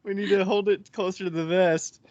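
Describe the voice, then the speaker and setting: A man's voice: sits high, fairly even intonation, a little fast, a little mellow, no echo. A man co-hosting a podcast in casual chat, teasing his partner in a playful way. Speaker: podcast co-host. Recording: dull lo-fi audio.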